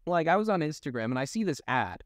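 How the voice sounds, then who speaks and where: Here a young man, both voice actor and podcast co-host, talks quickly in a fairly high pitch. He rambles through stories with lots of laughter in a casual comedy chat, recorded at studio quality with no room sound.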